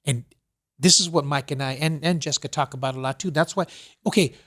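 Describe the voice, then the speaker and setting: A man's voice: on the high side, brisk, fairly bright tone. A man hosting a podcast, telling long rambling stories in casual chat and filling them with "you know" and "whatever". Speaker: podcast host.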